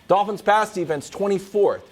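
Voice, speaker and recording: A man's voice: sits high, moderate pace, breathy edge, soft background music. A man co-hosting a sports debate show, joking and making his weekly picks in a playful way. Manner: animated, jokey, self-mocking.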